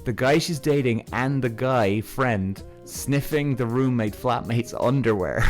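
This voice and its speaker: A man's voice: mid-range voice, a little slow, hardly any pauses, soft background music. Chuckling blunt male podcast host. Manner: frank, chuckling, blunt with swear words. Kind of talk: casual storytelling.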